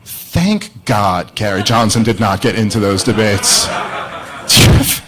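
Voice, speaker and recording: Rambling stand-up comedian on stage. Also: male voice, fairly low pitch, animated, takes it slowly, crowd noise, low-quality recording. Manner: rambling, self-mocking storytelling. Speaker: stand-up comedian opening a debate. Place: live venue with audience laughter.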